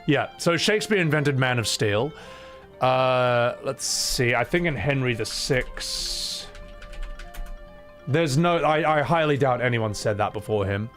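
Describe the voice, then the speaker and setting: A man's voice: medium pitch, animated, a little slow, a bit bright, soft background music. A man chatting casually on a live stream, opinionated and sweary, with frequent asides.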